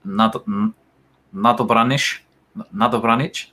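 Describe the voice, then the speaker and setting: A young man co-hosting a casual football watch-along, joking, laughing often and breaking into quick play-by-play. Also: medium pitch, pushed and bright. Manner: jokey, laughs often, quick bursts of live commentary. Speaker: co-host.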